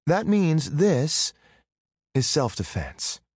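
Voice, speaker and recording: A brash young woman brawler, as a man puts her on, pitched high above the narration with a lively, springy lilt. She talks in cutting, mocking jabs. The audiobook read is close and dry. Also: slow, breathy edge, no echo, full character voice. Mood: coolly theatrical. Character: brash young woman fighter, sharp-tongued.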